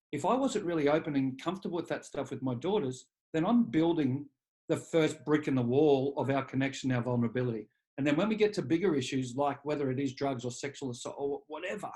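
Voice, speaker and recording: A man, a leadership coach speaking as an interview guest, telling candid personal stories in a blunt, profane way. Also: a little high. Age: 40s. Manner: blunt and profane, animated when quoting himself. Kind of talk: candid conversational storytelling.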